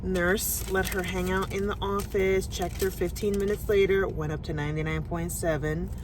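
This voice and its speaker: A middle-aged woman talking candidly in a chatty personal video diary, sometimes dropping into soft asides. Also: fairly low pitch, flat delivery, moderate pace, background noise. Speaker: vlogger. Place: sitting in a parked car.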